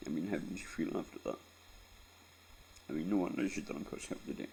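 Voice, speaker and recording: A man's voice: extremely low pitch, fairly quick, creaky, darkish tone, a little hiss or hum. A Scottish man in his forties telling a painful personal story in a rambling, sweary way, close to tears and often tagging on "right?". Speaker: vlogger.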